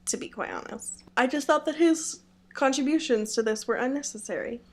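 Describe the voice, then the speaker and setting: A woman's voice: high voice, normal speed. A woman co-hosting a podcast, chatting casually about a book, giggling often and peppering her talk with "like". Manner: giggly, animated retelling with lots of "like". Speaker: podcast co-host. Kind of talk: casual book-club chat.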